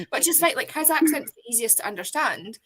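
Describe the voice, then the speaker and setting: Woman, mid-pitch, bright, tangential stream chat. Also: rough recording. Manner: chatty, tangential, curious. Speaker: livestream co-host. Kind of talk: casual group chat on a livestream.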